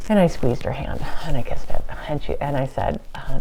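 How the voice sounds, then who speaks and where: A woman's voice: rumbling low, moderate pace, mellow, slight background noise. A woman recounting a spiritual channeling in an earnest, tearful way, often repeating herself. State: crying at times. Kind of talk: emotional first-person recounting.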